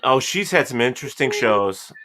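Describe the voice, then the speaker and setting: A woman hosting a radio talk show, chatting with lively asides and quick interjections. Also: very deep voice, a crowd in the background. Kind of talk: casual chat.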